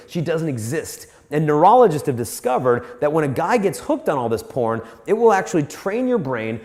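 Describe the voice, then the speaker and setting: Lively man speaking in an echoey hall. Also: a little high. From United States. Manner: animated, acts out quoted voices. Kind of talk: storytelling talk to a live audience. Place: large hall with an audience.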